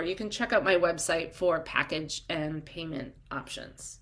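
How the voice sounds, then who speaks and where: A woman's voice: mid-range voice, normal speed, few pauses, fairly bright tone. A woman in her forties coaching doulas in a live-streamed chat, upbeat and encouraging, reading out viewer comments with frequent ums.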